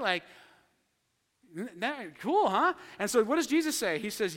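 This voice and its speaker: Male pastor, high voice, animated storyteller, church hall reverb. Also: moderate pace. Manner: animated storytelling, acting out quotes. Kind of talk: sermon.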